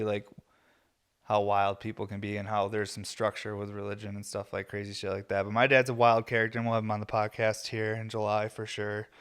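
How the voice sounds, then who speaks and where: A man's voice: on the low side, fairly bright tone, clean tone. A young man hosting a podcast from his garage, telling stories in a rambling casual way, full of fillers and swearing. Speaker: podcast host. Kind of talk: casual storytelling chat. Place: home garage.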